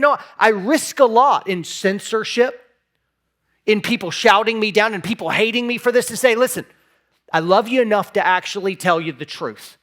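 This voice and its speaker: A man's voice: high-pitched, moderate pace, fairly bright tone. A man preaching a sermon as pastor, impassioned, sometimes acting out imagined replies in a raised voice.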